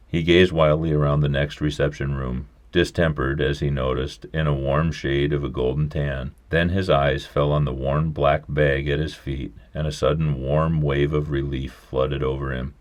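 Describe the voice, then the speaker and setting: Man, story narrator, steady measured reading, very deep voice. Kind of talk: reading a short story aloud.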